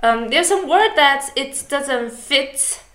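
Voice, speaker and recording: A woman whose first language is Chinese, chatting casually on a podcast and often pausing to search for her words. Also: high-pitched, lively intonation, very noisy. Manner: hesitant, searching for words, many fillers. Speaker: podcast co-host. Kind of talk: casual chat. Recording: roomy echo.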